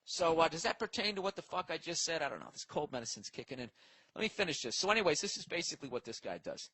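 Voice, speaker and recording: A man's voice: fairly high pitch, animated, fast talker, bright, forceful tone, husky, low-quality recording. A man hosting a comedy podcast, ranting profanely and rambling as he reacts to listener mail. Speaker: podcast host. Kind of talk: casual comedic podcast rant.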